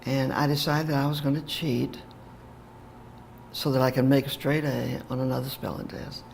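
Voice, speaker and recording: An older woman, a teacher educator, telling a heartfelt personal story in an animated way, with fillers and laughter. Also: extremely low pitch, normal speed, gravelly, slight background noise.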